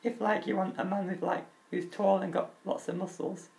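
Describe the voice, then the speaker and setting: A man's voice: sits high, little pitch movement, moderate pace, vocal fry, a little mellow, rough recording. A young man talking candidly and earnestly to his viewers, reflecting aloud and putting direct questions to the listener. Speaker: vlogger. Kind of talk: candid personal talk to the viewer.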